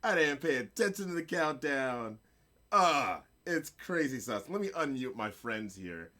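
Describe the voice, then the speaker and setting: A middle-aged man hosting a casual live-streamed gaming and photography show, playful and laughing, giving hyped shout-outs to his chat and guests. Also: mid-range voice, big pitch swings, measured pace.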